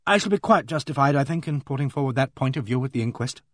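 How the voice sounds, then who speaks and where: Guy reading a careful doctor, slow and hesitant, husky voice, lively pitch. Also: dry recording, clean studio sound, lightly acted. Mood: measured. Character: cautious middle-aged male doctor.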